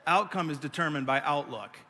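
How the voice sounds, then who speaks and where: A middle-aged man preaching a sermon, telling stories with animated, self-mocking energy. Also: on the high side, brisk, a little hiss or hum. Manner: animated storytelling, acting out his own pouting. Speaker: pastor. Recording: long hall reverb.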